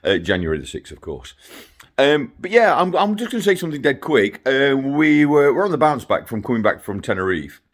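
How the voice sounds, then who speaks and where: A man's voice: medium pitch, very animated, fairly quick. A middle-aged man recording a rambling video update for his sons, ranting in a chatty way and breaking off into asides. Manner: ranting, chatty, self-interrupting with laughs and asides. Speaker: father vlogging to his sons.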